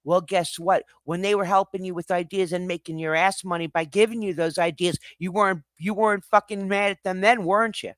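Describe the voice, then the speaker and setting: A woman's voice: fairly low pitch, steady tone, brisk, few pauses, no echo, clean studio sound. A woman ranting angrily at her chat on a live stream, swearing constantly and lecturing. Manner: heated, profane, lecturing. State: angry.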